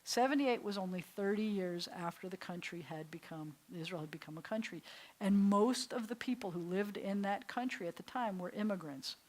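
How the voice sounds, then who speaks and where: In a synagogue classroom, an older woman with a New York accent teaches Hebrew, chatty and meandering and quick to laugh. Her middle-pitched voice is a little mellow and moves at normal speed.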